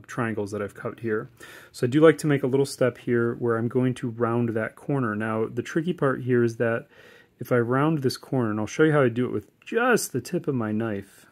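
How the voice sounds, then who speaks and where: A man teaching a whittling lesson step by step, in a relaxed, chatty way with corny jokes and plenty of fillers. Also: medium pitch. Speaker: woodcarving instructor. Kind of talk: casual step-by-step tutorial.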